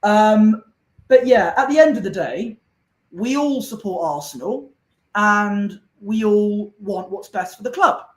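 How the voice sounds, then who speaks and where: A man's voice: high-pitched, lively intonation, unhurried, roomy sound, poor audio. A man from Somerset, a guest on a fan panel show, talking in an earnest, rambling way with lots of restarts. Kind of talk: casual chat.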